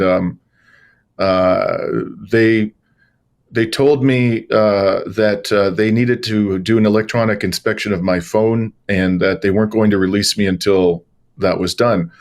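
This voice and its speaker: A man, a journalist and lawyer, telling animated stories as an interview guest, with many fillers and restarts. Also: lowish voice, measured pace. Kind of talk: conversational interview storytelling.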